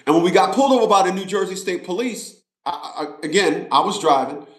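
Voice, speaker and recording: A man's voice: sits high, animated, fairly quick. A man talking straight to his viewers in a casual monologue, emphatic and repetitive, like a preacher. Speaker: vlogger. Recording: roomy echo.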